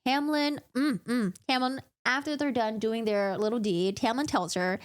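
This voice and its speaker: A woman's voice: fairly high pitch, normal speed. Chatty young woman recapping a book. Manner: chatty, animated, jokey. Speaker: book vlogger.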